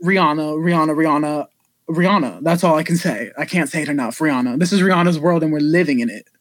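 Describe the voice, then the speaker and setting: A woman's voice: low-pitched, fast talker, no room sound. A woman co-hosting a podcast in casual chat, talking frankly with lots of fillers and some swearing. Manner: chatty, filler-heavy, frank and profane. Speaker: podcast co-host.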